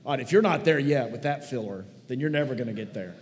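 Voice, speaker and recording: Male pastor, mid-pitched, folksy and sentimental sermon delivery, big reverberant hall. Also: animated, fast, slight background noise. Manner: conversational, folksy, sentimental storytelling. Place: large church hall.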